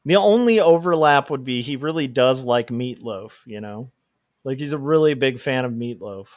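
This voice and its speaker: A man's voice: mid-range voice, expressive, moderate pace, no room sound. A man chatting casually on a livestream while drawing, rambling and laughing often. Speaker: livestream host, comic artist.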